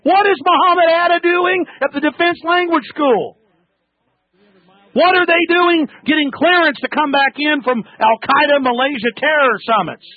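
A man hosting a talk radio show, ranting angrily and shouting insults at callers, with a gravelly, husky voice on a tinny broadcast. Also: very high-pitched, normal speed, dry recording. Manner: angry, shouting tirades at callers.

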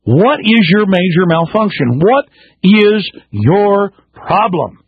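A man's voice: sits high, very animated, takes it slowly, breathy edge, no echo. A man hosting a talk radio show, ranting in an emphatic way, with stumbling restarts and strings of rhetorical questions. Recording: slightly muffled radio broadcast.

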